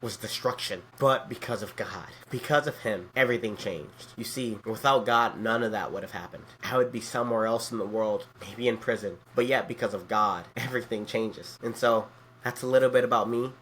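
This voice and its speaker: A man's voice: on the low side, moderate pace, fairly bright tone, a little hiss or hum. A young man in his twenties, a youth pastor, telling his personal faith testimony in an earnest, heartfelt way. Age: 20s.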